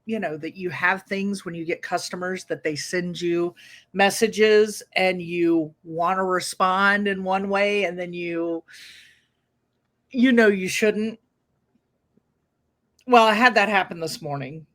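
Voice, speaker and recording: A woman's voice: fairly low pitch, slow, a bit bright. A woman co-hosting a podcast, chatting casually and telling a story with self-deprecating laughs. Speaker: podcast co-host. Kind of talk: casual chat.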